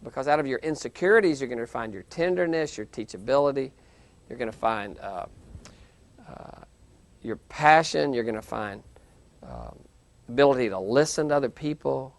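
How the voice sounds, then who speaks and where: A gravelly-voiced male professor teaching a class, talking in an easy, animated way and slipping into little acted-out reactions. His voice sits at a middle pitch, and the sound is close and dry. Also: normal speed, no room sound. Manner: conversational, animated, acts out quoted reactions. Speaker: university lecturer. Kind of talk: classroom lecture. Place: lecture hall, televised class.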